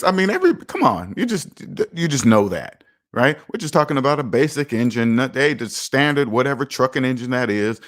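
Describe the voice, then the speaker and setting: A man's voice: mid-range voice, brisk. A man hosting a finance livestream, emphatic and self-assured, talking casually and reacting to viewer comments. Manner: emphatic and self-assured, lively swings in loudness. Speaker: finance channel host. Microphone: streaming mic.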